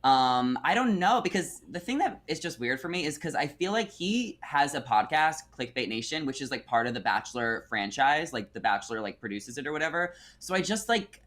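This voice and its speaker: A man's voice: a little high, big pitch swings, fairly quick, few pauses, a bit bright. A man co-hosting a casual chat, talking in a skeptical, analytical way. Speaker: co-host.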